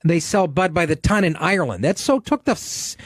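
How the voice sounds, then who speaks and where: A man's voice: a little high, lively intonation, fairly quick, no echo, clean studio sound. A man hosting a casual comedy podcast, joking and incredulous as he chats with his guest. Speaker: podcast host.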